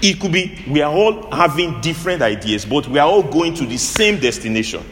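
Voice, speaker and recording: A man's voice: fairly high pitch, a little fast. A man preaching a sermon, drawing answers from his listeners with repeated questions. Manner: animated call-and-response preaching. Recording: long hall reverb, faint ambience.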